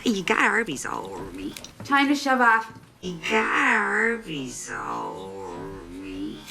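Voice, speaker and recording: An actress playing a cheerful small-town police chief with a Minnesota accent and drawn-out, sing-song vowels. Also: female voice, lowish voice, wildly swooping pitch, creaky, over loud music, exaggerated voice.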